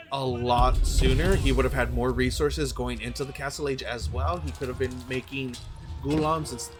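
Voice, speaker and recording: A man casting a strategy game with a medium-pitched, hoarse voice, talking through the match in an opinionated way and often stopping to correct himself. Game music plays clearly behind him. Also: a bit bright. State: losing his voice. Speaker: game caster. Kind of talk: play-by-play strategy game commentary.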